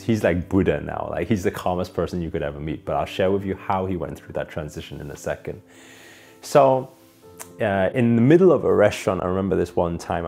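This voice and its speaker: A man telling a personal story as a monologue, earnest, rising to emphatic peaks and then dropping low and soft.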